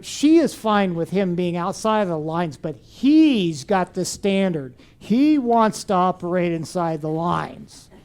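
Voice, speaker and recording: A man gives a storytelling talk on helping children solve problems. His voice is mellow and warm, and his delivery is animated, full of questions thrown to the listeners. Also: high voice, clean tone. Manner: animated storyteller who asks the audience questions. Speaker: speaker on teaching and parenting.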